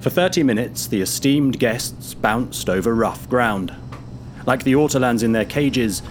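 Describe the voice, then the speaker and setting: A man narrating a story in a measured, grave and vivid way. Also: mid-range voice, animated, a little hiss or hum.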